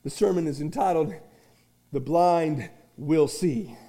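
High-voiced preaching man. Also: slow. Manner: swings from shouted preaching to quiet asides; restarts and acts out little dialogues. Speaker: pastor. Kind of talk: sermon.

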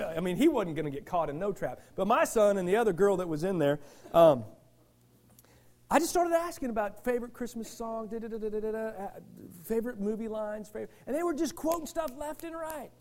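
A male pastor preaching a sermon with passion, firing rhetorical questions at the congregation and swinging from shouts to quiet asides. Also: high voice, lively intonation, fairly quick.

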